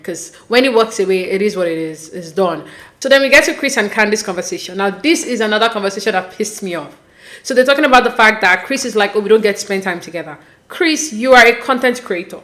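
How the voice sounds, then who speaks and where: A woman from Nigeria hosting a reality TV recap, talking in a casual, animated, opinionated way with frequent exasperation. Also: mid-range voice. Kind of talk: casual commentary.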